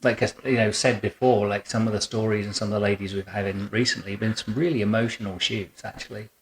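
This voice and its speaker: A man hosting an interview as a boudoir photographer, chatting in a warm, rambling way in his photo studio, full of fillers and restarts. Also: on the low side, fairly even intonation, fast talker, a little hiss or hum. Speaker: boudoir photographer and podcast host. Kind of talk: relaxed conversational interview.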